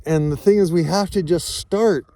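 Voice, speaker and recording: A man's voice: fairly high pitch, moderate pace, warm tone. A man, a sheep farmer, talking in a rambling, reflective vlog monologue outdoors on a snowy farm, now and then calling to his dogs.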